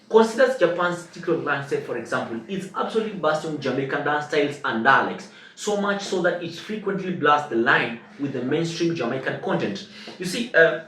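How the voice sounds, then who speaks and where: Kenyan host breaking down clips, lighter voice, roomy echo, sits back from the mic. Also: male voice, fairly high pitch, a bit bright. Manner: measured, explanatory. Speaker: reaction channel host. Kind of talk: reaction commentary. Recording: echoey room, mic at a distance, faint hiss.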